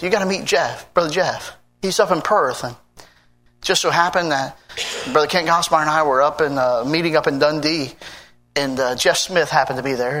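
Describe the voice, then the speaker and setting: A man, a pastor giving a sermon testimony, earnestly telling stories and acting out quoted conversations. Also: fairly bright tone. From United States. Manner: earnest storytelling, acting out quoted talk with big pitch swings.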